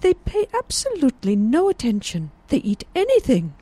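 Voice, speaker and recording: A woman's voice: sits high, wildly swooping pitch, moderate pace, warm tone, husky, no room sound, pitched above the performer's own voice, full character voice. A woman voicing an eager, chatty Frenchwoman with a sing-song way of talking.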